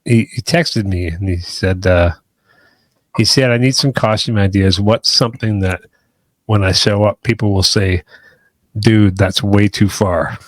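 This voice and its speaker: Deadpan man teasing his co-host. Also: lowish voice, unhurried, no room sound. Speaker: podcast co-host. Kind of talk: casual banter.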